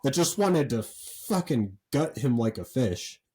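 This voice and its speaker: A man co-hosting a podcast, telling a story in a rambling, animated way with lots of fillers and swearing. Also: mid-range voice, unhurried, rough recording. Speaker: podcast co-host. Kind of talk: casual chat.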